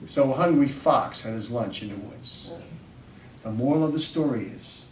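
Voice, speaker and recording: A man, a psychology professor, giving an animated storytelling lecture to an audience, swinging between loud bursts and quiet asides. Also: mid-range voice, moderate pace, a little hiss or hum. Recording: roomy hall, distant microphone.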